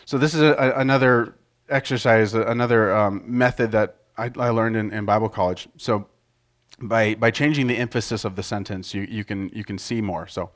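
A middle-aged man preaching a casual sermon in a conversational way, often restarting his sentences and acting out quotes loudly. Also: fairly low pitch, moderate pace.

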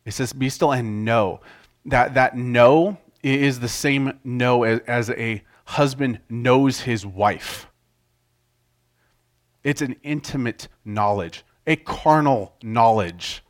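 Conversational male preacher, medium pitch. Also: slow. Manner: conversational, restarts often, acts out quotes loudly. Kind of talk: casual sermon.

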